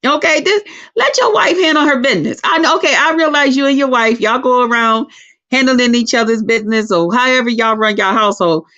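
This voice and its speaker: A woman hosting a casual livestream chat, telling stories in a profane, animated way. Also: fairly high pitch, fairly quick. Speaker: livestream host. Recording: lo-fi dull sound.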